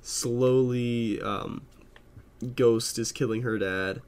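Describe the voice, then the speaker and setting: Low gravelly man chatting casually. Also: measured pace. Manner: rambling, lots of fillers and swearing. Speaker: podcast co-host. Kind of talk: casual chat.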